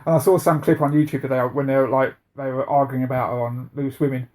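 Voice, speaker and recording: A man's voice: mid-range voice, flat delivery, fast, darkish tone. A man co-hosting a podcast in casual, blunt, sweary chat. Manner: sweary, blunt, laughs often. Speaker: podcast co-host.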